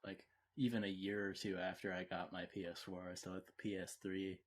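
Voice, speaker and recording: A man's voice: sits low, level tone, fairly quick. Wry man trading jokes on a podcast. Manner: wry, joking asides. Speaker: podcast co-host. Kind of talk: casual chat.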